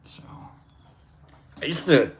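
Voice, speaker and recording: A man hosting a casual livestream, rambling and joking while greeting viewers by name. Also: slow. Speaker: livestream host.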